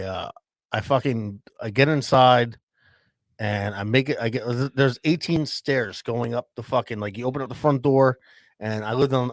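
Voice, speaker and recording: A podcast co-host with a medium-pitched voice tells a rambling, casual story loaded with swearing, saying "bro" constantly. The recording is dry.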